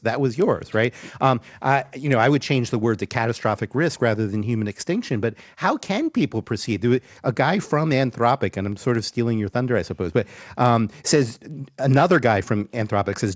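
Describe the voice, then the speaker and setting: A man arguing emphatically in a panel discussion, often pausing with ums. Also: mid-range voice, animated, no echo, studio quality. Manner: emphatic, argumentative, with frequent ums. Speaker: guest expert.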